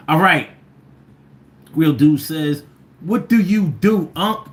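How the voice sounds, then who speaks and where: A man's voice: on the high side, slow pace, pauses often, over loud music. A man from Philadelphia with a Philly accent, hosting a casual livestream and playfully reading out viewer comments, sometimes singing. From Philadelphia, USA. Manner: playful, riffing and breaking into sing-song chants. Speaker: livestream host.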